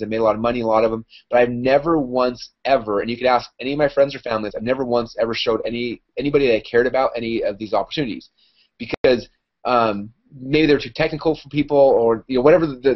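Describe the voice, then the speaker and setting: An excited man talks through a promotional pitch at a rapid clip, stumbling over restarts and fillers as he goes. His voice sits in a middle pitch. The audio is dull and lo-fi, like a web call. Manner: fast, excited, rambling with many fillers. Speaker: internet marketer promoting an opportunity. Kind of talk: casual promotional hangout talk.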